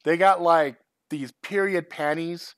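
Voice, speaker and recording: A man's voice: a little high, steady tone, unhurried, no echo, clean studio sound. Rambling, profane middle-aged man. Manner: rambling, profane, laughs often. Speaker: channel host. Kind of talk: casual live-stream chat.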